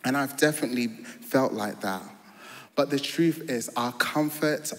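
A man preaching a sermon in a church, earnest and storytelling, building to joyful emphasis. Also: medium pitch. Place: large church hall. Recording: long hall reverb.

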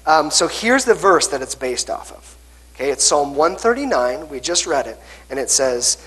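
A man's voice: a little high, big pitch swings, normal speed, a bit bright, breathy edge, poor audio. A young man, a pastor, giving a children's message in church, coaxing the kids through hand signs and checking in with "okay?" again and again. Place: church sanctuary.

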